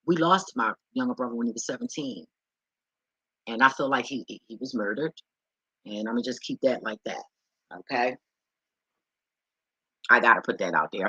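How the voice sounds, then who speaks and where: Young woman, AAVE speech, profane candid vlog rant, husky tone, dry close sound. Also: rumbling low, no echo, low-quality recording. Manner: profane, blunt, animated storytelling. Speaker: vlogger.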